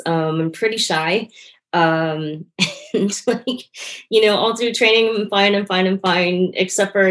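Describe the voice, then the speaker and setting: A woman with a notably low voice speaks as an interview guest. She sounds earnest and reflective and often laughs lightly as she talks. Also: fairly bright tone. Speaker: interview guest, performance artist and yoga teacher. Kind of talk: casual interview conversation.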